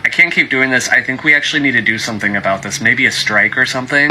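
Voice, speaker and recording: A man performs a short comedy skit, his voice very bright and sharp. He swaps between griping and a put-on cheery tone. A faint hum of noise sits behind him. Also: medium pitch, fast talker, hardly any pauses, rough recording. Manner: switches between complaining and a mock cheery voice.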